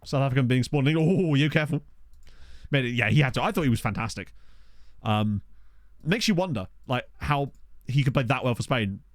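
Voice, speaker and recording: A man giving casual, excitable let's-play commentary, chatting to his viewers from a desk mic. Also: medium pitch, a little fast, dry recording, clean studio sound. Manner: chatty, excitable, talks to chat. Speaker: game streamer. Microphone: desktop USB microphone.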